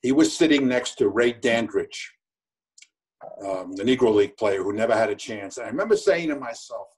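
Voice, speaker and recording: A man with a husky, middle-pitched voice chats casually as host, repeating himself a little. He sits well back from the microphone, so he sounds distant. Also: expressive, moderate pace, darkish tone. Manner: chatty, repeats phrases. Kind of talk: casual conversation.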